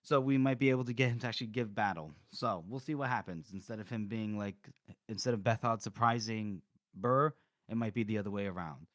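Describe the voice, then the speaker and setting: A man's voice: fairly low pitch, brisk, fairly bright tone, dry recording, clean studio sound. A man co-hosting a book podcast, casually recapping chapters and acting out the characters' lines. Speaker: podcast co-host. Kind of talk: casual book-discussion chat.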